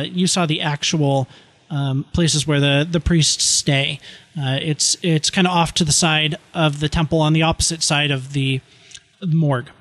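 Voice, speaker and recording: A man narrating as game master, talking in halting bursts with many restarts. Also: a little high, fairly bright tone, dry recording.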